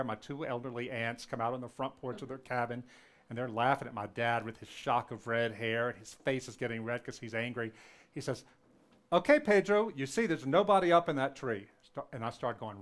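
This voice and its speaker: A middle-aged man from Louisiana giving a storytelling lecture, anecdotal and animated when quoting others, with frequent ums and restarts. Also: medium pitch. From Louisiana, US South.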